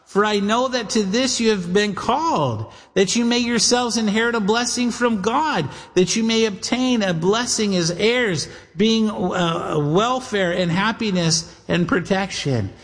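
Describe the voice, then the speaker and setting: A man's voice: sits high, a little slow, few pauses, fairly bright tone, big-room sound. A man preaching a sermon as a pastor, earnest, speaking straight to his listeners and acting out the voices of people he quotes. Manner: earnest, addresses listeners as guys and gals, acts out quoted voices.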